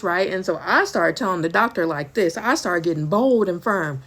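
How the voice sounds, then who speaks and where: A woman's voice: fairly low pitch, lively intonation, normal speed, a bit bright. A woman, a mother, giving an emotional personal testimony, emphatic and at times tearful, calling listeners "baby" and "girl". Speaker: mother telling her testimony.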